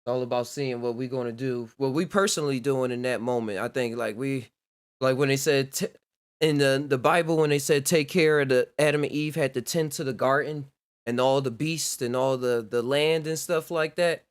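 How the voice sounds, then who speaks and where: Male podcast host, mid pitch, relaxed rambling talker who laughs a lot. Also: moderate pace, clear, resonant tone. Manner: loose, laughs often, rambling with fillers. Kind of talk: casual conversation.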